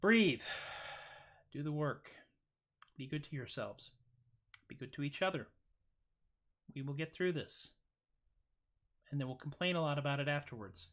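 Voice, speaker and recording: A man's voice: on the high side, lively intonation, measured pace, long pauses, fairly bright tone. A middle-aged man hosting a casual livestream, rambling and joking through his thanks and plugs with plenty of fillers. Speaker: livestream host.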